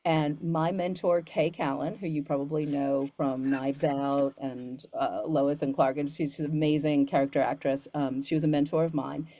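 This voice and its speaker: An earnest woman voiceover coach answers student questions in a loose, rambling way, full of ums and restarts. Her voice sits fairly low, and it is recorded close and dry with no room sound. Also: steady tone, normal speed, few pauses, warm tone, dry recording. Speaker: voiceover coach and studio founder. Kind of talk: casual Q&A talk to students.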